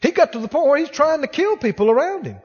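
A man's voice: very high-pitched, sing-song, fast, darkish tone. A man preaching a sermon, exhorting his congregation emphatically and repeating lines for force. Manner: emphatic, repetitive exhortation with rising intensity. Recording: dull sound with long reverb in a large hall.

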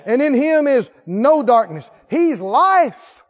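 A man's voice: very high-pitched, big pitch swings, takes it slowly. A male preacher delivering a sermon, firing rhetorical questions and repeating words for emphasis, on a dull lo-fi recording.

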